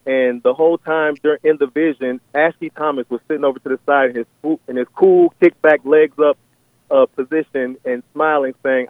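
Caller on a tinny phone line. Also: male voice, fairly high pitch, steady tone, moderate pace, no room sound. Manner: hesitant, many fillers and restarts. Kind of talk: phone-in call sharing a vision. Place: on a phone call.

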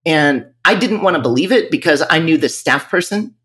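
A man's voice: a little high, lively intonation, brisk, pushed and bright. A man who owns a music school, speaking candidly and reflectively in a podcast interview, often restarting his sentences. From northern Virginia.

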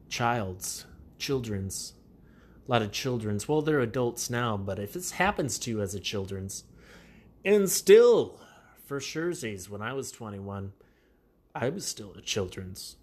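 A man hosting a podcast in casual comedic chat, rambling and joking, trailing off with many fillers. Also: mid-range voice. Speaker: podcast host.

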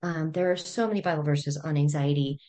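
A middle-aged woman speaking as a therapist guest on a podcast, calm and gently instructive as she walks through breathing exercises. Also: low voice, fairly quick. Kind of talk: conversational podcast interview.

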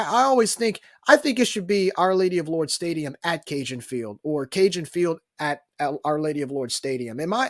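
A man's voice: fairly high pitch, no echo, clean studio sound. A man co-hosting a casual college sports podcast, upbeat and enthusiastic, often saying the same catchphrase. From south Louisiana. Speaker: podcast co-host.

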